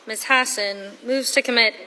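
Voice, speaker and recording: Woman clerk crisply reading the roll. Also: on the high side, fairly even intonation, normal speed, bright, forceful tone. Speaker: Senate clerk. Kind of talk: reading the motion and calling the roll. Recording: distant voice in a reverberant chamber.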